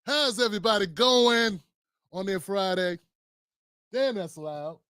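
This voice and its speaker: A man hosting his own live stream show, telling a story in casual slang with lively voices and sung riffs. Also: high-pitched, unhurried, clear, resonant tone, no echo, studio quality. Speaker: host.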